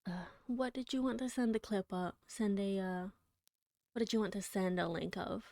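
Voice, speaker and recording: A woman on a livestream, reading poetry aloud dramatically with drawn-out words and whispered passages, then chatting with her viewers. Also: mid-range voice, mellow, dry recording.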